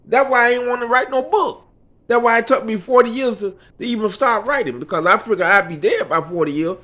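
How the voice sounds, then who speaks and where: A man's voice: extremely high pitch, a little fast, sharp tone. A man in his sixties rambling through a personal story in a casual, folksy way, quoting himself and others. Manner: rambling, folksy, quotes people with "I say". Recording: dull lo-fi recording.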